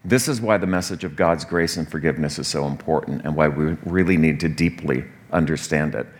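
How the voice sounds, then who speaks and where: A pastor preaching a morning sermon, teaching through a scripture passage in a conversational way with frequent asides to the congregation. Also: male voice, a bass voice, a little fast.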